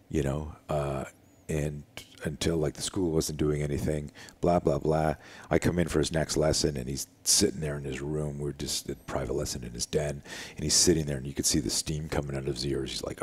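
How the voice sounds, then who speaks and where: Deep husky man telling a story. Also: moderate pace. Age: middle-aged. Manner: animated storyteller, acts out quoted voices. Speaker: self-defense instructor, podcast guest. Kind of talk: storytelling in a casual conversation. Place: living room.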